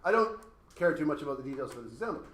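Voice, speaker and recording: A man's voice: on the high side, sing-song, rapid-fire, a bit bright. Male teacher in echoey classroom. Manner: casual, conversational, uses hypothetical examples. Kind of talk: classroom lecture. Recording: echoey classroom with faint noise.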